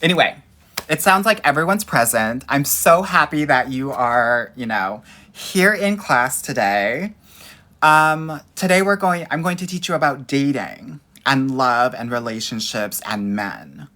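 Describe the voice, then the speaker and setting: A man's voice: medium pitch, animated, measured pace, pushed and bright. A young man hosting a casual livestream as a dating coach, sassy and playful, calling his viewers honey and girl.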